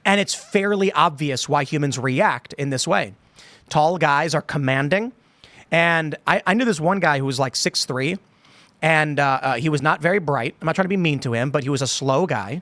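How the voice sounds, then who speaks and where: A man in his thirties talks through a long story on a podcast, wandering from point to point and now and then slipping into mimicked voices. His voice sits a little high for a man. The sound is dry and close, with no room around it. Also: moderate pace, a bit bright, no echo. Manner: rambling, acts out quotes in put-on voices. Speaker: podcast host. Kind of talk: casual political chat.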